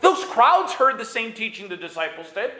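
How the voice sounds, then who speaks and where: A man preaching a sermon in an animated way, sometimes raising his voice and acting out quick bits of dialogue. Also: high voice, reverberant. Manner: animated preaching with bursts of shouting; acts out dialogue in quick asides. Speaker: pastor.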